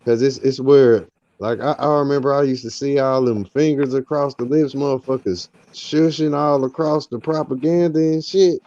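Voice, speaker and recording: A man's voice: mid-range voice, steady tone, moderate pace, mellow, no echo. A man in a casual group chat, talking emphatically in slang and repeating himself. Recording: dull lo-fi stream audio.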